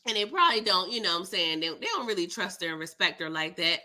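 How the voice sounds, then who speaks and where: Woman, TV recap host, sassy, slangy, bright tone. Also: lowish voice, lively intonation, fast talker. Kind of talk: casual live TV episode recap.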